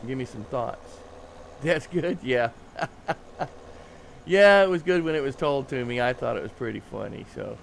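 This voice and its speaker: Gravelly man chatting on a game stream. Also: mid-range voice, animated, a little slow, long pauses, slight background noise. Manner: rambling, with fillers and chuckles. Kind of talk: casual live-stream chat.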